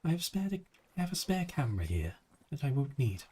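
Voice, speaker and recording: A man's voice: medium pitch, very animated, a little fast, dark tone, breathy edge, voice pushed up. A man voicing a fussy, genteel female photographer with prim, old-fashioned phrasing, read out in a game. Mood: obliging.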